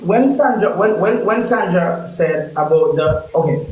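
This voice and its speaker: A man's voice: high voice, lively intonation, measured pace, darkish tone, echoey room, low-quality recording. A man on a live stream call, explaining himself defensively.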